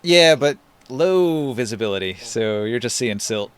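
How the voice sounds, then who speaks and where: A man's voice: mid-range voice, lively intonation, a little slow. A man narrating as game master in a tabletop game, patiently explaining the rules and the layout.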